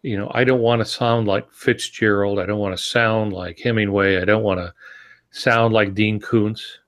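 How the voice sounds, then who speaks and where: Low-voiced man musing on a podcast. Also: steady tone, normal speed. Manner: thoughtful, explaining with frequent ums and restarts. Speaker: podcast co-host. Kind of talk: casual podcast chat about writing.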